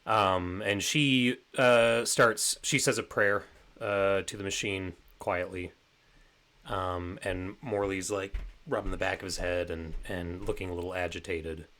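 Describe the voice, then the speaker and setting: A man narrates as game master for an online tabletop session. His voice sits low, and he talks in a loose, rambling way, padding his sentences with fillers. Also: unhurried. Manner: relaxed, rambling with many fillers.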